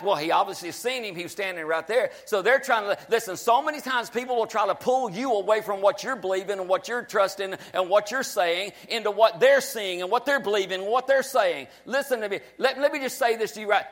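A man's voice: high voice, a little fast, hardly any pauses, fairly bright tone. A man preaching a sermon, emphatic and repetitive, urging his listeners on. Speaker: pastor.

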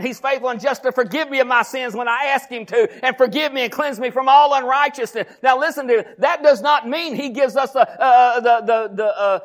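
A middle-aged man preaching a sermon as pastor, animated, folksy and repeating his phrases. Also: extremely high pitch.

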